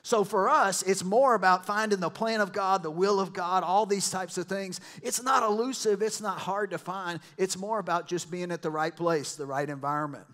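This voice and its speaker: A male pastor preaches a sermon in a church. His voice sits a little high for a man. He talks to the congregation like he is chatting with them, breaks into side stories and plays out what people said. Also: normal speed, hardly any pauses, a bit bright. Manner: conversational preaching with asides and quoted voices.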